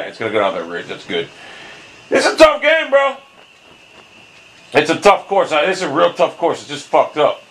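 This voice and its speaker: A man commentating his own golf video game play, swearing constantly and bursting into frustrated shouts. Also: mid-range voice, a little hiss or hum, poor audio. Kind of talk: casual gameplay commentary.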